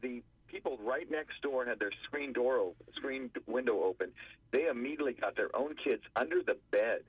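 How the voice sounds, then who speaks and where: Attorney guest calling in by phone, a husky man who acts out quotes, a muffled and dry line. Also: medium pitch, normal speed, dry recording. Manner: animated storyteller acting out quotes. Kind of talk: radio phone interview storytelling. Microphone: telephone.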